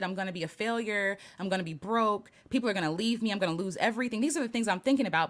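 A woman hosting a casual live stream, her voice climbing and dipping with lively pitch as she thinks aloud. She laughs easily and restarts her sentences often, in a warmly chatty, reflective way. She reads out viewer comments as she goes. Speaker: livestream host.

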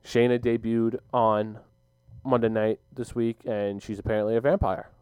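An excitable young man with a smooth, clean voice, recorded dry and close in a home basement office. He tells his stories in an animated way on a casual sports podcast. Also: fairly low pitch, moderate pace, no room sound. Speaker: podcast co-host.

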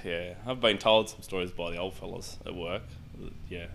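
Laid-back man, low bright voice. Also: steady tone, moderate pace, creaky, slight background noise. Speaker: podcast host. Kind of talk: casual podcast chat. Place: home with a backyard.

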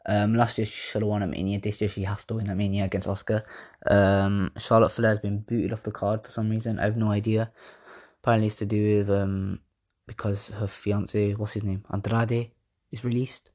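In a lowish, darkish voice with little pitch movement, a man talks briskly while hosting a podcast. He rambles through casual wrestling predictions chat, full of slang, swearing and self-mocking laughter.

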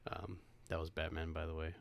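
A man's voice: very deep voice, monotone, a little fast, vocal fry. A middle-aged man co-hosting a podcast, chatting casually and rambling a little, often restarting his sentences. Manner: rambling, self-deprecating, restarts and laughs. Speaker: podcast co-host.

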